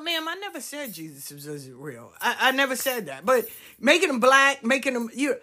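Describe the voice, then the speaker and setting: A woman's voice: high-pitched, very animated, normal speed, pushed and bright. A woman hosting a talk show, telling stories in a loose, swearing, chatty monologue. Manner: chatty, swearing, drawling Southern-style address to listeners. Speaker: podcast host. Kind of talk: casual storytelling monologue.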